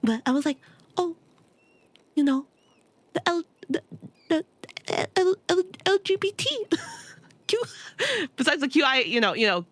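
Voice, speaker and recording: A young woman chatting on a game stream, her pitch bouncing widely as she giggles through a story. The sound is close and dry, with no room around it. She keeps it casual and animated. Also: a little slow, long pauses, no room sound. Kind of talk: casual chat while gaming.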